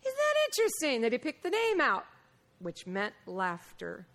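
A woman preaching a Bible lesson, mixing lively personal stories with scripture, and often laughing and acting out the voices of people in her stories. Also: fairly high pitch, moderate pace. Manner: animated, laughing, acts out quoted voices. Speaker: Bible teacher. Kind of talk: sermon with personal storytelling.

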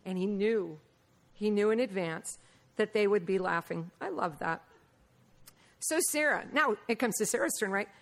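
A woman preaching a Bible lesson, mixing lively personal stories with scripture, and often laughing and acting out the voices of people in her stories. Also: medium pitch, normal speed, creaky. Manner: animated, laughing, acts out quoted voices. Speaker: Bible teacher. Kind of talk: sermon with personal storytelling.

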